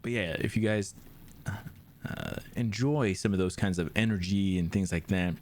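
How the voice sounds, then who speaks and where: A man's voice: low voice, steady tone, measured pace, a little mellow, slight background noise. A man streaming a video game, chatting casually and rambling with lots of restarts. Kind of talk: casual chat.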